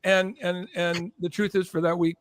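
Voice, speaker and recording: An older man, a former record promotion executive, telling animated stories as a guest and acting out the people in them. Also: moderate pace, dry recording. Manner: acts out quoted voices, rising high and loud. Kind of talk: animated storytelling.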